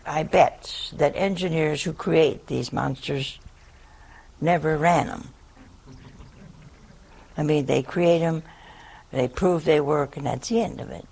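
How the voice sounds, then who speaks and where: A woman's voice: low-pitched, creaky, breathy edge. An older woman, a nun, telling a humorous folksy story to an audience. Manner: humorous, folksy anecdote with laughs. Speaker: nun giving a talk.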